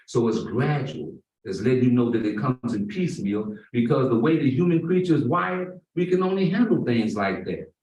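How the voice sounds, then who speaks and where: A man giving a Friday sermon, emphatic and drawing out key words slowly. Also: medium pitch, a little mellow. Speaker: imam. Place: mosque prayer hall. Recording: roomy echo, far from the mic.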